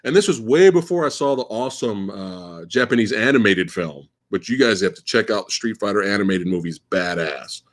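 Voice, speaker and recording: A man's voice: on the low side, a little fast, few pauses. A man in his forties hosting a live Q&A stream, talking in a rambling, profane way and repeating words as he restarts his sentences. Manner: animated, profane, stammering restarts. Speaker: livestream host. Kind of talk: live Q&A chat.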